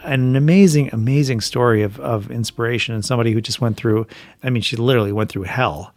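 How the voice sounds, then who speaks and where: A man's voice: mid-range voice, quick pace, no echo, faint music behind. A man co-hosting a podcast, talking casually with hesitant fillers and enthusiasm. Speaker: podcast co-host.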